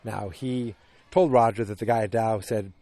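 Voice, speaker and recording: A man hosting a podcast, casually recapping a TV episode in a rambling, animated way. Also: lowish voice, moderate pace, background noise. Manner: rambling, animated retelling with acted quotes. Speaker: podcast host.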